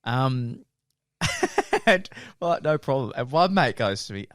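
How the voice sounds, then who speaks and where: A man's voice: slow pace, no echo, studio quality. A man co-hosting a podcast, telling a funny story with lots of laughing and acted-out quotes from his friends. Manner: animated, laughs through his own story; acts out friends' lines in lowered quoted voices. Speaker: podcast co-host. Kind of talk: casual storytelling chat.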